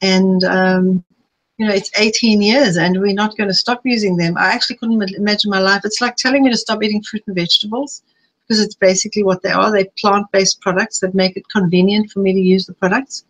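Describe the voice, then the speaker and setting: A middle-aged woman giving a live webinar talk, chatty and personal, sometimes piling up quick lists. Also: medium pitch, steady tone, poor audio. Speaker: webinar presenter. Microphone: streaming live.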